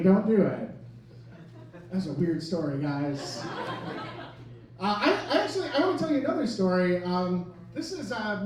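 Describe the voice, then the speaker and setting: A man's voice: high voice, a little mellow. A young man from Wisconsin doing stand-up, telling a rambling, self-mocking story full of "like" fillers. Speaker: stand-up comedian. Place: comedy club stage. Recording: echoey club mic from a distance. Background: audience laughter.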